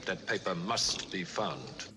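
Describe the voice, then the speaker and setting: Stern low voiced guy in an old film, clipped and forceful. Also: animated, takes it slowly, slight background noise, full character voice. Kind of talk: 1960s film acting.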